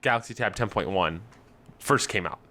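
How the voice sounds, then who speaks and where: A man's voice: lowish voice, normal speed. A young man co-hosting a podcast, telling a story and acting out the other people's lines. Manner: animated storyteller acting out quotes. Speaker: podcast co-host. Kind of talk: casual chat, storytelling.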